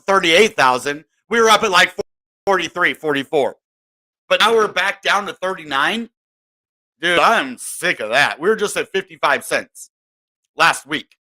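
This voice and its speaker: Exasperated, bright-voiced crypto commentator man. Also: high-pitched, expressive, moderate pace. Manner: rambling, exasperated, self-interrupting. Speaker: crypto video host. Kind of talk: casual market commentary.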